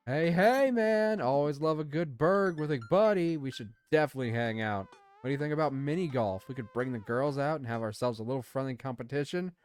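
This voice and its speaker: A man's voice: mid-range voice, a little fast, smooth, faint music behind, natural voice. A man voicing a boastful, cheerful middle-aged rival dad with a chummy, hearty manner.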